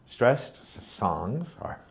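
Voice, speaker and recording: A teacher trainer gives a pronunciation lesson, speaking extremely slowly in a medium-pitched, slightly mellow voice with big swings in pitch. He explains clearly, modelling stressed and unstressed syllables with sounds like mm-mm and exaggerating the stress on example words.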